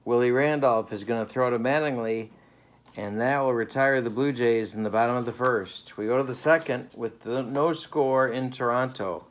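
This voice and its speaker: This is mock radio commentary: a man at home in the living room calls a tabletop baseball game play by play with dry, playful patter. He speaks at a moderate pace in a medium-pitched voice.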